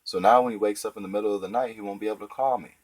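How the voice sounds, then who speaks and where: A man's voice: deep voice, brisk, darkish tone, husky, low-quality recording. A man reading the part of a tough fifth-grade boy who is blunt and pushy. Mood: anxious, pushy.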